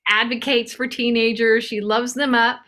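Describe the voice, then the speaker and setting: A woman hosting, introducing a guest with gushing praise, quick bursts with fillers. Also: on the high side, level tone, bright, forceful tone. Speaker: host.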